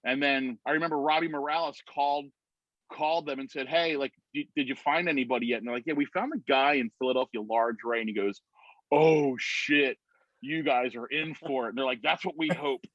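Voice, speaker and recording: A man telling an animated story on a video call, acting out the voices of other people. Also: medium pitch, quick pace, no echo. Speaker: guest. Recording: dry muffled video-call audio.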